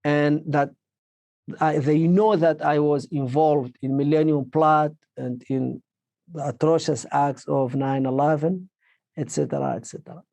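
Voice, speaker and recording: A man giving a personal testimony in halting English, a second language for him, with many restarts and fillers. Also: on the high side, steady tone, vocal fry, dark tone, dry recording. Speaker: interviewee.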